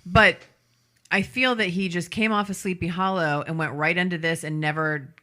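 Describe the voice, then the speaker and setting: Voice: mid-range voice, fairly even intonation, moderate pace, sharp tone. A co-host on a casual movie podcast, speaking in a wry, teasing way. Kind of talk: casual chat about movies.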